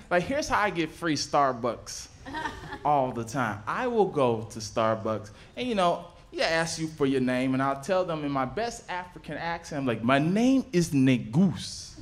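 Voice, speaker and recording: A man's voice: a little high, fairly bright tone, slight background noise. A man, doing a stand-up comedy set with stammering, laid-back storytelling. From southern United States. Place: comedy stage before a live audience.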